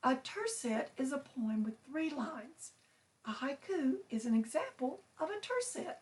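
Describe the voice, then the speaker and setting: A woman teacher presenting a children's lesson, explaining patiently and enunciating clearly. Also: sits high, big pitch swings, measured pace, far from the mic.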